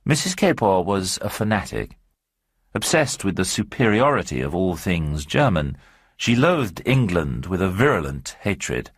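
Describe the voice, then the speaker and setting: A man narrating a short story in a measured storytelling manner. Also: sits low, dry recording, studio quality.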